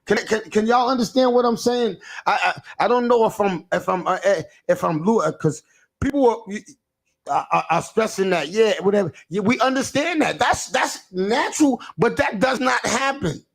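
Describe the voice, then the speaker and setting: Gravelly man ranting on a livestream. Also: high-pitched, normal speed. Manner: rambling, repeats himself, stammers and restarts, answers chat comments. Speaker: livestream host. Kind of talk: casual livestream rant.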